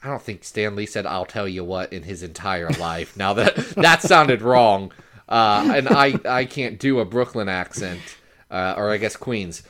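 A man co-hosting a podcast in casual chat, animated, with many restarts and laughs. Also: fairly low pitch, a little slow. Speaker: podcast co-host.

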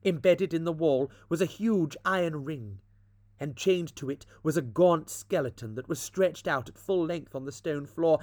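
Male storyteller narrating a classic tale, expressive and dramatic, kinda high voice. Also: no echo. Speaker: podcast storyteller. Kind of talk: reading a classic story aloud.

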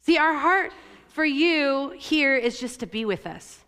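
A woman's voice: high-pitched, animated, unhurried, fairly bright tone, in a large hall. A middle-aged woman giving a sermon in a candid, conversational way, with fillers and self-corrections. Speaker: church leader.

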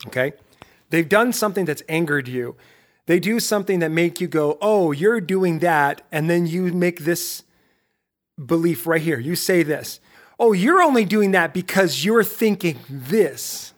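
A middle-aged man hosting his own podcast, giving a lively motivational talk straight to his listeners, full of rhetorical questions and self-interruptions. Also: fairly high pitch. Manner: self-interrupting, laughs at himself. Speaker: podcast host.

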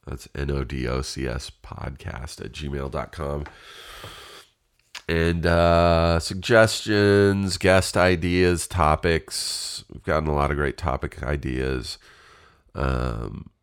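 With a clear, resonant bass voice, this middle-aged podcast host speaks slowly and fairly evenly. His solo talk is candid, self-deprecating and sprinkled with casual swearing, and he sounds a little congested.

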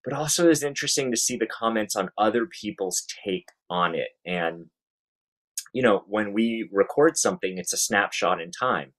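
A man hosting a podcast who talks in a measured, reflective way and steers the conversation. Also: lowish voice, animated, a bit bright, rough recording. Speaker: podcast host. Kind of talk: casual chat.

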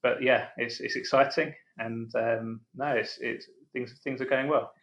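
A man's voice: mid-range voice, steady tone, unhurried, a bit bright, lo-fi sound. Hesitant man in his forties, interview guest. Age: 40s. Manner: hesitant, repeats words, friendly. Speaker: guest, business founder. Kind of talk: casual interview.

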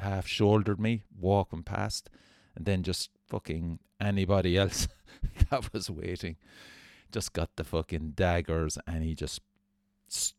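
A low-voiced man hosting a podcast, spinning a long, self-mocking story and swearing freely. He sounds close and dry, with no room around him. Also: a little mellow, no echo. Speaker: podcast host. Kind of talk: casual storytelling.

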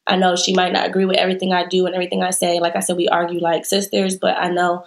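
A woman's voice: lowish voice, completely flat delivery, fast talker, gravelly. A woman speaking as an interview guest in a candid conversation, earnest and heartfelt, with many fillers.

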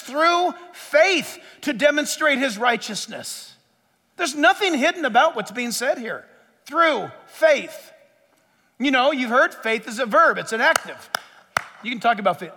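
A man preaching a sermon as pastor, impassioned, swinging from shouts to hushed asides and acting out quoted voices. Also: extremely high pitch, in a large hall.

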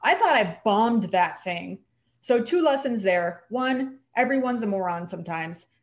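Young woman cohost, emphatic and animated, pep-talk vibe. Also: mid-range voice, a little slow. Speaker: podcast co-host, dental hygienist. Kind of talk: casual chat.

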